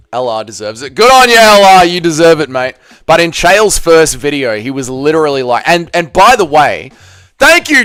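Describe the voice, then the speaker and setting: A man's voice: medium pitch, a bit bright, clean tone, no echo. Swearing, laughing man on stream. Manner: swears a lot, laughs often, reads chat aloud. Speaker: live stream host. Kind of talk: casual live stream chat.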